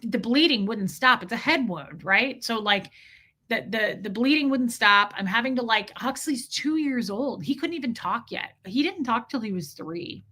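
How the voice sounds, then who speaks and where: A woman hosting a livestream, telling a personal story in a candid, animated way and breaking off now and then to greet viewers in the chat. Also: fairly high pitch, moderate pace. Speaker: livestream host.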